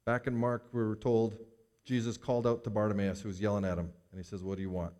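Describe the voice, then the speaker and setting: A man's voice: on the low side, steady tone, quick pace, darkish tone. A man preaching a sermon to his congregation, using rhetorical questions and acting out the words of Bible figures in short quoted lines. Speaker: pastor.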